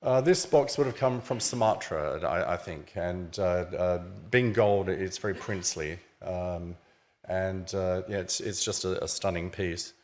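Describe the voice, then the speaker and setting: A low voice at a measured pace belongs to an author giving an illustrated talk for his book launch in a museum event space. He describes the items on his slides in an easygoing, conversational manner.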